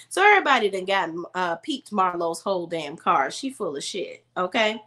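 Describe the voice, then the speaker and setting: A woman's voice: lowish voice, sing-song, moderate pace, pushed and bright. Blunt, slangy woman recapping reality TV. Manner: blunt, exasperated, slangy storytelling. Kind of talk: opinionated casual commentary.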